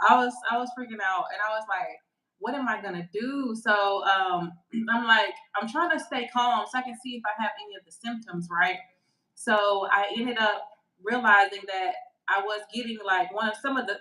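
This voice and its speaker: A woman co-hosting a podcast over a video call, telling a story in a casual, animated way and acting out the dialogue. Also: mid-range voice, reverberant, low-quality recording. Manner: animated, excitable, acts out quoted dialogue. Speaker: podcast co-host. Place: her home during a storm.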